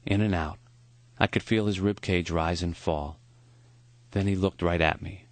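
A man quietly narrating a memoir audiobook in a measured, reflective way. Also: sits low, fairly even intonation, dry recording.

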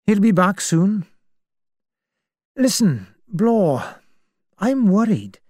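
A man's voice: high-pitched, big pitch swings, extremely slow, darkish tone, no echo, studio quality, pitched above the performer's own voice, heavily acted. A man voicing a worried male doctor in a story reading, lifting his voice.

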